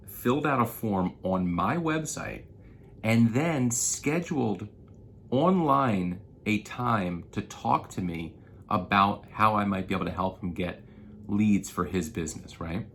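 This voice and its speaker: A man's voice: on the low side, a little slow, slight background noise. A man talking casually and with frustration to roofing contractors, telling a story and venting as a marketing consultant. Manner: animated, frustrated storytelling with profanity. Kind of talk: casual vlog rant.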